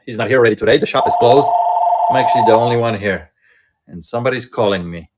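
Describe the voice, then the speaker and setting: A man hosting a casual live-stream sale from inside a shop, chatting and thinking aloud in an unhurried way. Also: mid-range voice, very noisy. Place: indoors in a card shop.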